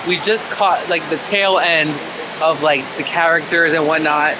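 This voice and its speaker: A man's voice: a little high, fairly even intonation, measured pace, noisy background. A man chatting casually while filming a travel vlog on a cruise ship, upbeat and playful. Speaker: vlogger. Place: cruise ship cabin and decks.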